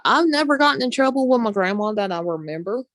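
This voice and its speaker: A Southern vlogger from the United States chats casually in a high, animated, slightly bright voice at a quick pace. She has a Southern accent, laughs often and uses folksy phrases, and the recording is dry.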